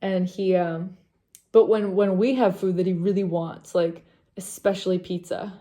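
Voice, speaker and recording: A woman's voice: lowish voice, fairly even intonation, unhurried, dark tone. A young woman hosting a knitting vlog, chatting casually to camera in a rambling way, with many fillers and asides to her dog.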